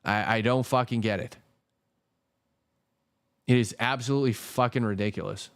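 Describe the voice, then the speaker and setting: A man's voice: medium pitch, fairly even intonation, moderate pace, clean tone, no echo, clean studio sound. A man hosting a stock market livestream, ranting in a casual, exasperated way, swearing often and repeating himself. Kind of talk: casual profane market rant.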